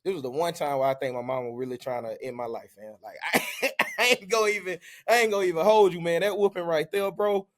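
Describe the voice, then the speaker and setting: A man's voice: fairly high pitch, fast. Slangy man telling a story. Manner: animated, slangy, repeats "man" and "bro". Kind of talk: casual storytelling chat.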